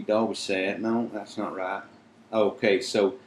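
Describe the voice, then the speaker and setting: A man's voice: fairly low pitch, steady tone, takes it slowly. A father reading a storybook aloud to his children, chatting playfully between passages. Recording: roomy echo.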